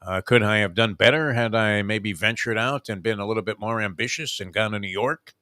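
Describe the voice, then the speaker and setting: An older man hosting a morning radio show, telling rambling stories with lots of "uh" fillers and shouting out quoted lines. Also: fairly low pitch, brisk, dry recording. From South Florida resident for over forty years. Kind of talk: casual morning radio chat.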